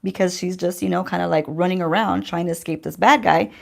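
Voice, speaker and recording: Gravelly, chatty woman vlogger. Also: fairly low pitch, fairly even intonation, brisk, darkish tone. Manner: chatty, addresses viewers directly, rhetorical questions. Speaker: beauty vlogger. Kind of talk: casual storytime chat while doing makeup. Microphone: handheld-range mic while holding a mirror.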